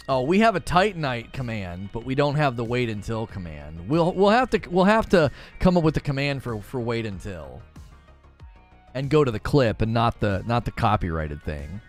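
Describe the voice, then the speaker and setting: Man streamer, lively swooping voice, casual rambling chat, laughs a lot, faint music behind. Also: mid-range voice. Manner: rambling, self-interrupting, laughs often.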